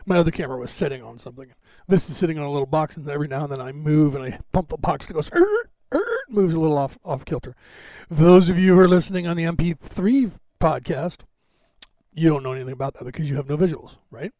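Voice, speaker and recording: A podcast host from the United States rambles through a casual live stream, filling it with fillers and restarts. He speaks fast in a mellow, fairly high voice with no room sound, picked up by a camera on a box.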